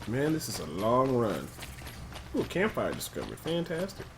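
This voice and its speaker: A man giving gameplay commentary, thinking aloud and loudly trash-talking enemies with plenty of swearing. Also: medium pitch, huge pitch swings, normal speed, noisy background. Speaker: let's play commentator.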